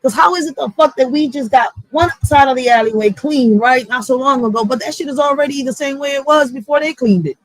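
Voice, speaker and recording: A woman's voice: sits high, fairly quick, few pauses, no room sound, low-quality recording. A woman with a Philadelphia accent, a block captain ranting bluntly and profanely in a casual vlog. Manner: blunt, profane, fired-up street talk.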